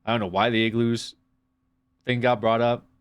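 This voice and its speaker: A man's voice: medium pitch, flat delivery, normal speed, clean tone. A man from the United States, streaming live and reacting to chat with sarcastic, profane, rambling rants.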